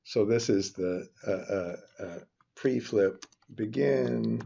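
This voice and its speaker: A man's voice: lowish voice, takes it slowly, vocal fry, mellow, slightly rough. An older man teaching a spreadsheet finance lesson, rambling with grumbling asides and frequent restarts. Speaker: finance instructor. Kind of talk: screen-recorded spreadsheet tutorial. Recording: dull lo-fi recording.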